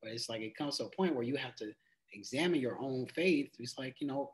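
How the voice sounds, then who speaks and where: A man's voice: medium pitch, a little fast, rough recording. Man teaching scripture in loose conversational talk. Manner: conversational, loose phrasing with frequent "it's like"; reads verses aloud in old-fashioned wording, then explains them plainly. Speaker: Bible study teacher. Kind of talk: casual Bible study teaching with scripture reading.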